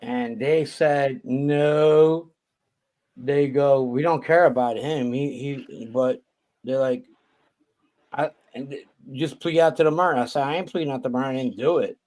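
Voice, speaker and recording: A man tells his story over a video call, swearing freely and acting out the other people's lines. His voice sits at an ordinary middle pitch. It sounds like a casual stream guest. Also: measured pace, darkish tone.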